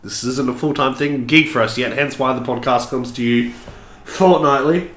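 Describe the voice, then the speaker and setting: A man's voice: medium pitch, moderate pace, a bit bright. An Australian man co-hosting a podcast, ranting with sarcasm in casual chat. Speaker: podcast co-host. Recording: echoey room.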